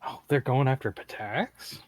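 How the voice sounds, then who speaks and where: A man's voice: medium pitch, expressive, moderate pace. A man playing a tabletop game, chatting casually with joking, easygoing remarks and hesitant fillers. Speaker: player.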